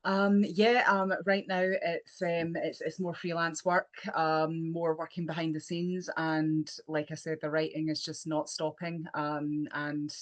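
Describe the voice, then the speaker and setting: A woman's voice: low voice, flat delivery, measured pace, few pauses. A Scottish woman, an actress and writer, chatting as a podcast guest, hesitant with many ums and frequent giggles. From Scotland. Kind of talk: casual interview chat.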